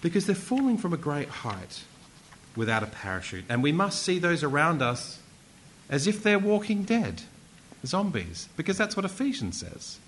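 A man's voice: a little high, big pitch swings, moderate pace, fairly bright tone, slight background noise, low-quality recording. A man preaching a sermon, emphatic and conversational, with asides and self-corrections.

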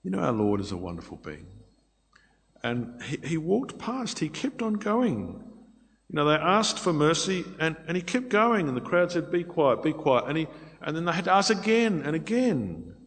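A man's voice: fairly high pitch, moderate pace. Man preaching in a reverberant hall. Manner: expressive, swings between loud pleading and hushed asides. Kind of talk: sermon. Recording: long reverb of a large hall.

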